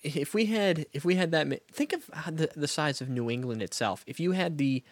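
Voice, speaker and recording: A man's voice: a little high, animated, fairly quick, no room sound. A man co-hosting a podcast, chatting about beer in a joking, stammering, swearing way. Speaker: podcast co-host. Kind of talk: casual beer-tasting chat.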